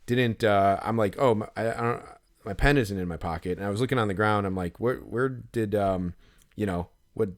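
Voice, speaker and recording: A man with a somewhat low voice tells a long story on a casual podcast. He rambles and piles up fillers. He swears freely and acts out his own thoughts in quotes. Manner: rambling, lots of fillers and profanity, animated when retelling. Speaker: podcast co-host.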